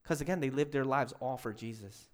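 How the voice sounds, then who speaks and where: A man preaching a sermon as a pastor, animated, acting out quoted voices and mixing English with another language. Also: mid-range voice, brisk.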